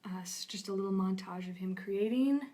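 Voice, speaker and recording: Young woman storyboard artist pitching live from a studio. Bubbly and upbeat, middle-pitched voice. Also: brisk, mellow. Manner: bubbly, upbeat, laughs easily. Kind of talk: live-stream episode pitch. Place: studio during a live stream.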